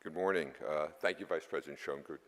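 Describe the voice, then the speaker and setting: Very deep-voiced man speaking in a hall. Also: fairly even intonation, fairly bright tone. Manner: wry asides, halting restarts. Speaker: foundation board chair giving greetings. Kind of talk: formal ceremony speech. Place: large auditorium. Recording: long reverb of a large hall.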